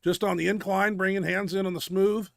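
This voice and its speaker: Middle-aged male host, out of breath, gravelly and profane, dry close sound. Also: sits high, little pitch movement, brisk, fairly bright tone, no echo. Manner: blunt, profane gym talk. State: winded and out of breath. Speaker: host of a powerlifting video show. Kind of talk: casual commentary over lifting videos.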